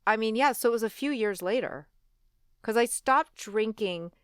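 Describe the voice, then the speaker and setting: Speaking as an interview guest, this forties-aged woman recounts a personal story with lots of "like" and "you know," replaying her own old lines aloud. When regret comes up, she gets quiet and low. She talks at normal speed in a clear, resonant voice, captured dry at studio quality.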